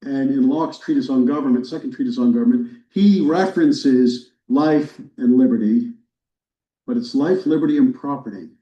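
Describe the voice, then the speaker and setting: A man, a history professor, giving a relaxed, wry lecture to a church audience, with casual fillers and restarts. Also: medium pitch, moderate pace. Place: church hall, recorded live. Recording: roomy, distant, dull lecture recording.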